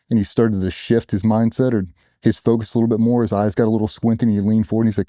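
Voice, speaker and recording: A man's voice: on the low side, flat delivery, quick pace, mellow, no room sound, studio quality. A middle-aged man, a former special operations operator, telling war stories bluntly in a casual interview, sometimes swearing and acting out what others said. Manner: blunt, profane, acts out quotes of others.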